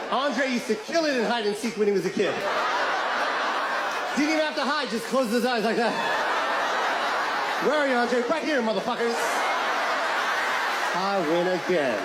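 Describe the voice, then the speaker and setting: High-voiced man riffing on a club stage. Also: very noisy. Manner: animated, exasperated storytelling. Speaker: stand-up comedian. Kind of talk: stand-up routine. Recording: echoey club with loud crowd laughter. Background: audience laughing.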